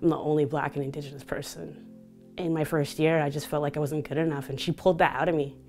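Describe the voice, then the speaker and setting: Low-voiced woman telling her story. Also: fairly even intonation, fast, mellow, faint music behind. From Canada (Vancouver). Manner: open, reflective storytelling with frequent laughter. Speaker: interviewee, DJ and motivational speaker. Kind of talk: candid personal interview.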